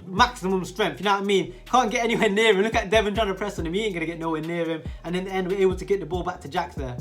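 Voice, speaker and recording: A man's voice: sits high, rapid-fire. A young man giving a slangy, casual voice-over commentary on a football match. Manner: excitable, slangy, keeps saying bro and like. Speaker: youtuber commentating his own team's match.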